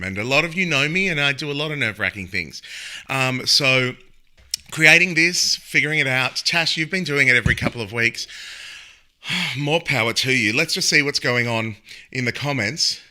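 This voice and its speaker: A man's voice: mid-range voice, sharp tone. A man hosting a cabaret show from home, chatting in a rambling way between plugs and asides. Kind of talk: chatty live-stream banter.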